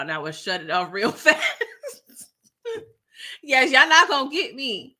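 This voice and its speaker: A middle-aged woman, hosting a casual livestream chat and reading out viewer comments, animated and laughing often. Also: medium pitch, a little slow.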